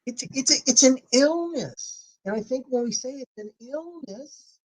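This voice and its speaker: Husky man telling a heartfelt story. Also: very high voice, moderate pace, rough recording. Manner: emphatic, swings from loud to near whisper. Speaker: podcast guest. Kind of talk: emotional personal storytelling.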